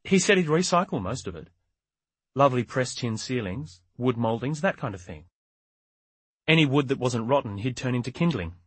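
A man's voice: medium pitch, expressive, normal speed, fairly bright tone, husky, no room sound, voice pushed up. A man voicing a tired, defensive older woman who sticks firmly to her story. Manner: tired, evasive, growing more confident.

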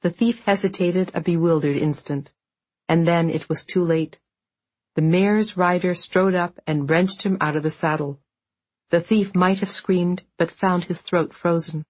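A woman reading an audiobook in a measured, even storytelling voice, close to the microphone. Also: fairly low pitch, no room sound. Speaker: narrator. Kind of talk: scripted audiobook narration.

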